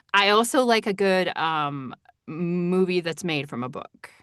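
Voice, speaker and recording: A woman's voice: fairly low pitch, expressive, takes it slowly, fairly bright tone, smooth, no room sound, studio quality. A young adult woman, an audiobook narrator, chatting casually as a guest and laughing through dramatic retellings. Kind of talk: casual chat.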